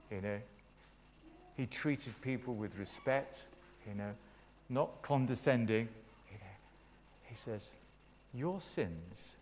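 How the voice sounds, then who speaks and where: A man's voice: medium pitch, slight background noise. A man preaching a sermon, retelling a story with dramatic flair and friendly asides to the congregation.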